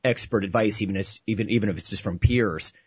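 A man hosting a radio talk show, speaking in a measured, thoughtful way. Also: on the low side, a little mellow, husky, no room sound. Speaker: host. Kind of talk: casual radio chat.

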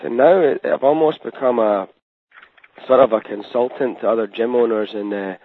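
A Scottish-accented man born in Scotland, a fitness trainer talking as a podcast guest in a relaxed, rambling way. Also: mid-range voice, moderate pace, slight background noise. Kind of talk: casual podcast interview. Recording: dry, tinny phone line.

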